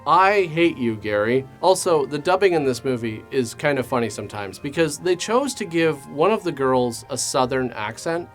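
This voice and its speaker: A man hosting a comedic movie review, talking with sarcastic, deadpan asides. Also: medium pitch, normal speed, hardly any pauses, faint music behind.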